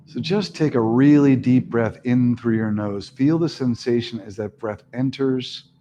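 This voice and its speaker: A man teaching a yoga class, giving slow, soothing relaxation and breathing cues that often trail off softly. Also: mid-range voice, muffled recording, slight background noise. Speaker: yoga instructor. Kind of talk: guided relaxation instruction.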